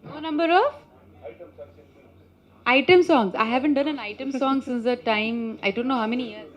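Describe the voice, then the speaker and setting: Chatty, laughing actress, slightly high voice. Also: female voice, normal speed. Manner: animated storytelling, laughing and teasing. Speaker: film actress at a press meet. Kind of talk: chatty press meet answers. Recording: muffled lo-fi sound.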